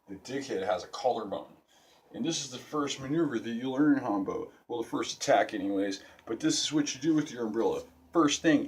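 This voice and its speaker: A man's voice: fairly low pitch, a little mellow. A young man casually teaching a stick-fighting move in a video lesson, talking brash and profane. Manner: profane, brash street talk. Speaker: self-defense instructor.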